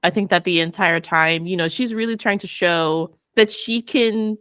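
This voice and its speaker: A woman hosting a book club podcast in casual, relaxed chat with plenty of fillers. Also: lowish voice, moderate pace, smooth, dry recording. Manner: relaxed, chatty, full of fillers. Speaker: podcast host.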